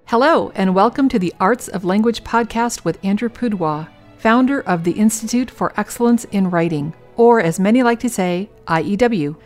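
A woman hosting an educational podcast, friendly and quick to laugh. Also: mid-range voice, soft background music. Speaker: podcast host.

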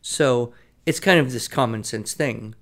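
A man's voice: medium pitch, measured pace, fairly bright tone. A man co-hosting an educational podcast, talking in a thoughtful, explanatory way. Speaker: podcast co-host, writing educator. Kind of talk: casual conversational podcast.

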